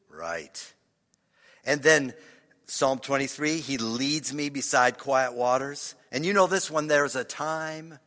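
A man delivers a sermon at an unhurried pace, pausing and repeating words as he gathers his thoughts. His voice is bright and forward, and at key moments it sinks to a hushed near-whisper. The sound carries the long reverb of a large hall. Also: on the high side. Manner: halting, repeats words, drops to a hush for effect. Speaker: pastor.

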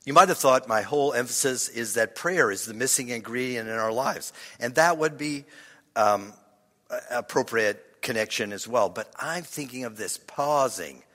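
An older man preaching a sermon, slow and meditative, leading breathing and dropping into breathy whispers, with sighs and soft chuckles. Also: medium pitch. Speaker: pastor. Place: church. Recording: large hall with long reverb.

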